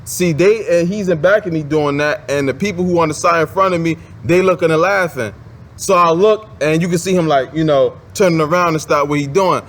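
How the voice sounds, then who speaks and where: A man's voice: a little high, a little fast. A man telling a personal story in a casual, rambling monologue, with many fillers and restarts. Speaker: advice vlogger.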